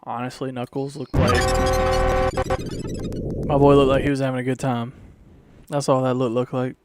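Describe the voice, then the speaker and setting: A man's voice: medium pitch, flat delivery, normal speed, over loud music, rough recording. A man with a Southern US accent chatting casually while reacting live to horror videos and reading their text aloud. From Mississippi. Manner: chatty, laughs often, reads on-screen text aloud.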